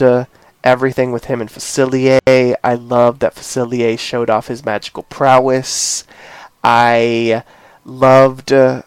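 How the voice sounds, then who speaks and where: A man's voice: medium pitch, clear, resonant tone, no room sound. A male host retells a TV episode in a loose, meandering way, leaning on filler phrases as he goes. He takes his time and gives his opinions with emphasis. His voice is recorded close and dry, with no room sound. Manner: rambling retelling full of "you know" and "this, that, or the other". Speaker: podcast host. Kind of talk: casual chat recapping a TV episode.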